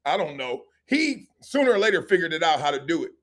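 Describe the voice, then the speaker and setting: A man, hosting a livestream and telling lively stories, acting out voices and laughing often. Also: on the high side, fast. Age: 50s. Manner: animated storyteller, acts out voices, laughs often. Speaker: show host. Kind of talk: livestream storytelling and chat.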